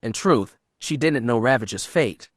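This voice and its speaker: A man narrating an unabridged science-fiction audiobook in a steady, measured way. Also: medium pitch, dry recording, clean studio sound. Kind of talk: scripted narration.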